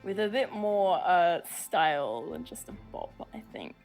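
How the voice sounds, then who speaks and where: Slow, hesitant woman player. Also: on the low side, animated, a little mellow, faint music behind. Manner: hesitant, many "um" and "like" fillers. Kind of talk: casual tabletop play.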